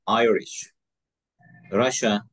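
A man's voice: on the low side, steady tone, extremely slow, a bit bright. A man teaching an online English lesson, patiently prompting a student and confirming each answer.

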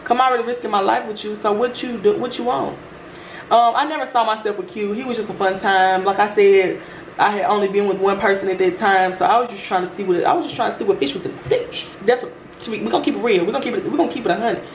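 A woman's voice: medium pitch, fast talker. Brash, profane woman telling a story. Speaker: vlogger. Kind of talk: storytime chat. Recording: roomy room with faint noise.

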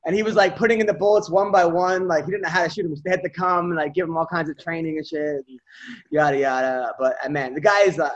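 Podcast host, man with a high voice, animated storyteller, dull lo-fi sound. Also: quick pace. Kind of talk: casual storytelling chat.

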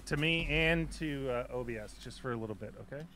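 A man's voice: medium pitch, fairly quick, bright, forceful tone, slight background noise. A man co-hosting a casual chat show, joking and stumbling over repeated words while he works. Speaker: co-host.

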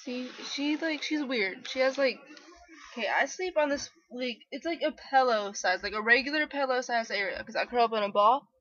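A woman's voice: fairly high pitch, normal speed, a bit bright, a little hiss or hum. A young woman chatting casually on a home vlog, sleepy and rambling with lots of fillers. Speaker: vlogger. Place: bedroom at home. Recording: dull lo-fi webcam audio.

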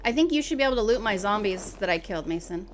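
A woman streaming a co-op game, giving casual commentary in an excitable manner, often exclaiming and laughing. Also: medium pitch, fast, slight background noise. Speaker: gaming streamer.

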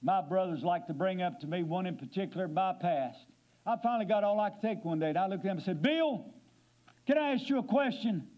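A male guest preacher delivering a sermon in a church, slowing down to stress scripture and dropping to a low, quiet voice for effect. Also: lo-fi sound. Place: church sanctuary.

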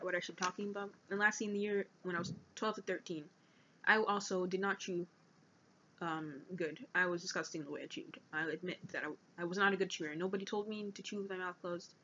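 An eighteen-year-old woman vlogging about her own life, speaking earnestly and haltingly as she reads from notes. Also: fairly low pitch, a bit bright, a little hiss or hum. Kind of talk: personal confessional vlog. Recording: dull lo-fi recording.

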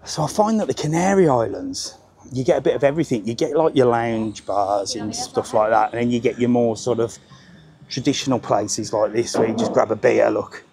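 A man's voice: mid-range voice, fairly quick, vocal fry, a crowd in the background. A man doing a chatty, upbeat live-stream vlog while walking outdoors along a busy seaside promenade, talking into a handheld phone. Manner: chatty and upbeat, chats with passers-by. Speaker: travel vlogger.

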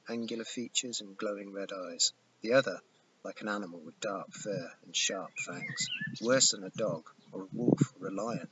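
A man reading a novel aloud as audiobook narration, telling it in a dramatic, expressive way, in a dull, noisy lo-fi recording. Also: lowish voice. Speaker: audiobook reader. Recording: dull lo-fi recording with loud noise.

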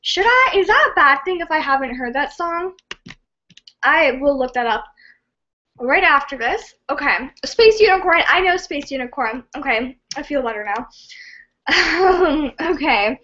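Very high-pitched excitable young woman. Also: lo-fi sound. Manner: excitable and scattered, giggly, quick to apologize. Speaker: livestream host reading viewer comments. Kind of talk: casual live-stream chat.

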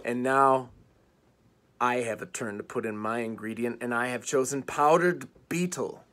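A man teaching an online music lesson for children, patient and clear, leading rhythm chants and songs. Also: medium pitch, fairly bright tone. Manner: slow, patient, sings and chants rhythm games.

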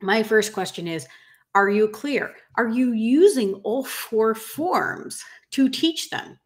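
A woman's voice: fairly high pitch, slow pace. A woman in her thirties, a dog grooming business coach, ranting frankly and emphatically to camera and calling her viewers "guys". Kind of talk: casual rant to camera.

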